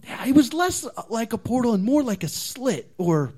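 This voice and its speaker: A man's voice: very high voice, sing-song, moderate pace, dark tone, husky. A man reading his comic fan fiction aloud as a comedy contestant, with dramatic, playful storytelling.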